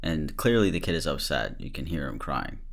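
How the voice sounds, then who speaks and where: A man's voice: a bass voice, big pitch swings, brisk, vocal fry. A man hosting a podcast, reacting candidly to a clip with laughter and blunt swearing. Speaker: podcast host. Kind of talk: casual commentary.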